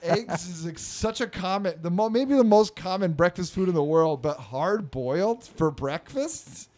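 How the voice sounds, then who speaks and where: A man's voice: high voice, lively intonation, measured pace, a little mellow. A man telling a story in casual chat, rambling with lots of fillers. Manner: rambling, filler-heavy, acts out quotes in a raised voice.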